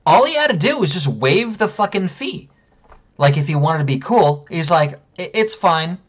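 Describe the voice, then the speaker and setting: A man's voice: on the high side, sing-song, moderate pace, husky, muffled recording. A man telling a story in an angry, profane rant, heated and indignant. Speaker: vlogger.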